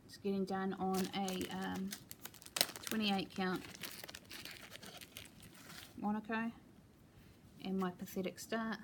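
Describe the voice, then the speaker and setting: A woman chatting casually at home as she shows her cross-stitch projects, talking in a relaxed way with plenty of ums and asides. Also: medium pitch, slow, long pauses, slight background noise. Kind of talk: casual show-and-tell chat.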